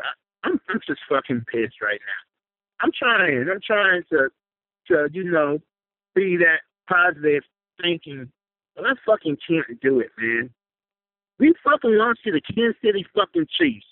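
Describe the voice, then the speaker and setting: A man's voice: mid-range voice, no echo. Male caller, enraged fan rant, heavy swearing; thin phone-line sound, dead dry. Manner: furious, swearing, venting.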